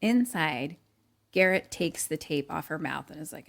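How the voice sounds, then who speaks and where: Podcast co-host, female, low register, chatty, profane plot recap. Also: animated, a little slow, gravelly. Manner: chatty, swears, lots of "like". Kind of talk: casual movie recap.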